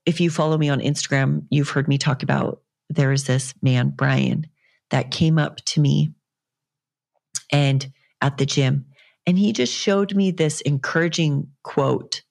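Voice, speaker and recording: A woman's voice: low voice, fairly even intonation, measured pace, vocal fry, darkish tone. A young adult woman, a fitness coach, rambling earnestly and encouragingly in a casual solo podcast monologue.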